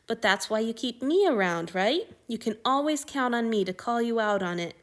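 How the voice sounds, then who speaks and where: A manipulative male lover who talks down to his partner in a smooth, chiding voice, as a woman reads him aloud. He sits a little higher than the narration and stays measured and patronizing. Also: lightly acted. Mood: soothing. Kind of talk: audiobook reading of fan fiction.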